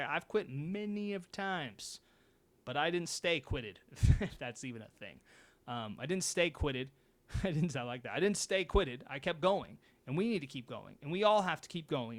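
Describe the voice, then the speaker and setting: A young man hosting his own show, talking bluntly and with swearing in a fired-up motivational monologue. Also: on the high side. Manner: blunt, profane, animated. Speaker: host.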